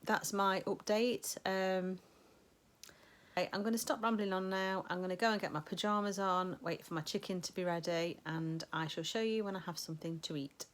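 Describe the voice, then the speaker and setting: A woman's voice: mid-range voice, steady tone, moderate pace. A middle-aged woman chatting casually in a weight-loss vlog, rambling with many ums. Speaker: vlogger.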